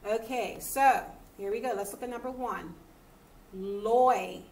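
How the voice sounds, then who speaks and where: A woman's voice: on the high side, moderate pace. A woman teacher giving a children's phonics lesson, upbeat and encouraging, checking in with "okay?" often.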